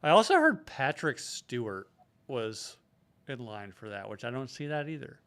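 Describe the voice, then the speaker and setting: A man's voice: medium pitch, sing-song, normal speed, a bit bright. An American man co-hosting a comedy podcast, chatting casually, joking and swearing. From United States. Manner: jokey, swearing, drops into put-on voices. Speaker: podcast co-host.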